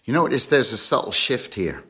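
A man's voice: mid-range voice, expressive, brisk, bright, forceful tone, slightly rough. A man hosting the talk, affirming his guest and then reflecting thoughtfully on her story. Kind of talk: reflective commentary.

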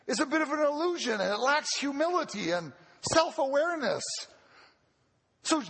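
A man's voice: very high voice, a bit bright. A man preaching a sermon in an earnest way, repeating phrases for emphasis and often restarting, heard with the long reverb of a large hall.

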